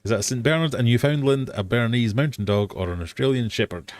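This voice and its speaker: A British man hosting a casual live quiz stream from his fish room, playful and quick to joke at himself. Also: mid-range voice, no echo. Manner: playful, jokey, laughs at himself.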